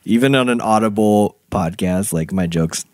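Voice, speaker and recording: A man's voice: on the low side, moderate pace, darkish tone, no room sound. A man co-hosting a casual podcast who makes dry, self-mocking jokes. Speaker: podcast co-host. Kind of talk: casual chat.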